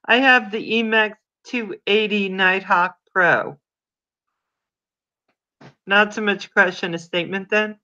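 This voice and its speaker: A woman's voice: mid-range voice, fairly even intonation, unhurried, long pauses, bright, forceful tone, highs cut off. Giggly woman reading stream chat. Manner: giggly, reads viewer comments aloud. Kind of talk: casual live-stream chat.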